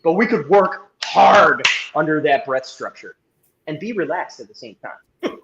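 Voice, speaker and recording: A man's voice: on the high side, lively intonation, unhurried, highs cut off, noisy background. A man appearing as a guest, explaining and guiding a breathing exercise in an instructive, coaching way. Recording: roomy echo.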